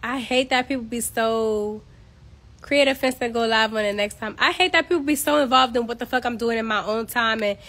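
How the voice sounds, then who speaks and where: A woman's voice: on the high side, brisk, a bit bright. A woman from Queens, ranting bluntly and with exasperation on a casual phone livestream from home. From Queens, New York. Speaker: social media personality.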